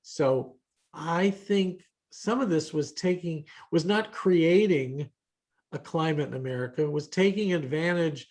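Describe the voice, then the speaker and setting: A man's voice: on the high side, a little slow, darkish tone. A man hosting a casual roundtable, telling rambling anecdotes with hesitant restarts. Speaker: host.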